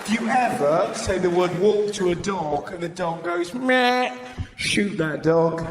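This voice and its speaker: A man doing stand-up comedy, brash and swearing, with shouted put-on voices. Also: sits high, a little slow. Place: large live venue. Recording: roomy live recording with audience noise.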